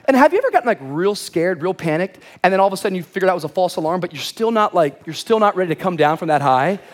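A high-pitched young man preaching in a big church. He swings from quiet asides to animated storytelling and bursts of shouting. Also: rapid-fire. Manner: lively, animated, acts out shouted quotes. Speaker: pastor. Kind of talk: energetic sermon with storytelling. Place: large church auditorium.

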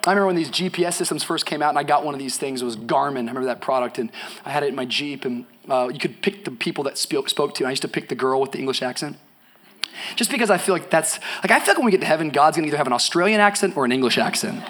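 High-voiced man preaching with big swings. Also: very fast. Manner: animated preaching, swinging between shouts and soft storytelling. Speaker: pastor. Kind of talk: sermon.

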